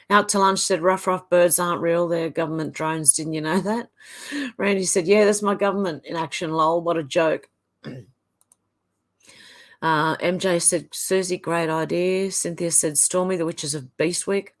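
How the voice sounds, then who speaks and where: An Australian woman hosting a livestream, reading viewers' comments aloud one after another and adding short offhand remarks. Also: fairly low pitch. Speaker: livestream host. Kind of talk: casual livestream chat reading.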